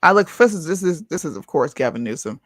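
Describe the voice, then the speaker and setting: A woman's voice: deep voice, sing-song, fast talker, no room sound, clean studio sound. A woman co-hosting a casual talk show, blunt and exasperated, sometimes reading posts aloud. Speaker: podcast co-host. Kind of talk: casual chat.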